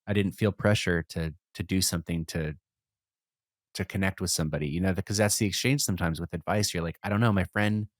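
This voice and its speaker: A man talking as a podcast guest in a relaxed, reflective, rambling way with frequent restarts. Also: low voice, a little fast, no room sound. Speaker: podcast guest, musician and entrepreneur. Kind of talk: casual conversation.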